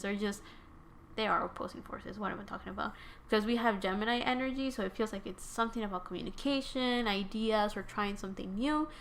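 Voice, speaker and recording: A woman's voice: medium pitch, fairly bright tone, a little hiss or hum. A woman whose first language is Spanish, giving a casual tarot reading. She rambles, corrects herself and uses many fillers. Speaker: tarot reader.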